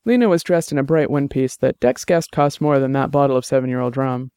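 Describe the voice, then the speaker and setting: A man giving measured, scripted audiobook narration. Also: mid-range voice, dark tone, clean tone, no echo, clean studio sound.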